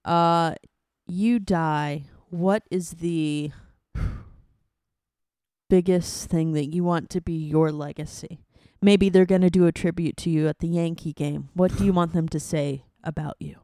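Low-voiced woman hosting a comedy podcast. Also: steady tone, unhurried, dark tone, no room sound, studio quality. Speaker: host.

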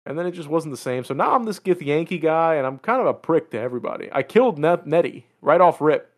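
Co-hosting a casual gaming podcast, a man with a slightly high voice tells stories at a quick pace. He's animated and profane, swearing a lot and voicing the quotes himself.

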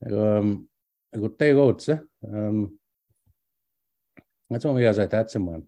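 A middle-aged man takes it slowly, his fairly low voice warm and free of echo. He is a language teacher and doctoral student telling his own story casually and ramblingly, restarting often and mixing in words from another language.

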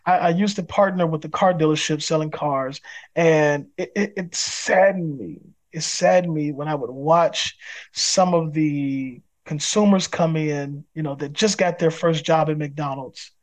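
A man's voice: on the high side, a little slow. A man who is a pastor, a guest on a podcast interview, speaking in an emphatic, preacherly way. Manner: acts out quoted people in other voices.

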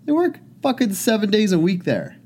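A man's voice: sits high, wildly swooping pitch, normal speed, a little mellow. A young man co-hosting a podcast, chatting casually in a joking, rambling way with swearing. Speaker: podcast co-host. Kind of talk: casual chat.

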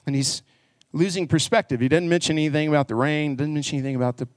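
A man's voice: fairly high pitch, fairly even intonation, fast talker, dry recording, clean studio sound. A man preaching a sermon in church. He speaks earnestly and conversationally, and he rises into emphatic passages. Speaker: pastor.

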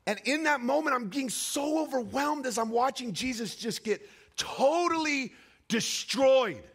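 A man preaching a sermon, telling a personal story with emotional swings between raised cries and hushed, quiet passages. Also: animated, a little slow, slightly rough. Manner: emotional storytelling with sweeping highs and hushed lows.

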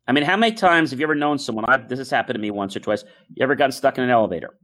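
A man hosting a talk show, speaking earnestly and calmly, with many uh and um fillers as he tells stories. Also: mid-range voice, rapid-fire. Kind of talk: casual podcast talk.

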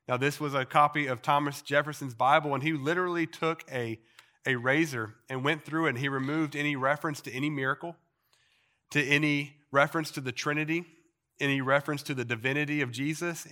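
A man preaching a sermon as a pastor, slowing down to stress key phrases and letting his sentence endings drop soft and quiet. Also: medium pitch. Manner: preaching with slow emphatic repetitions and trailing quiet phrase endings. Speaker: pastor teaching a Bible series.

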